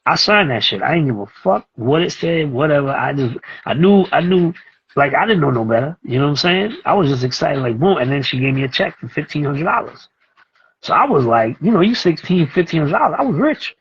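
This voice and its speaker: A man's voice: a little high, a little fast, breathy edge, muffled recording. A man, telling a story casually as a guest and acting out the voices of the people in it. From East New York, Brooklyn. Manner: animated, acts out voices in his stories.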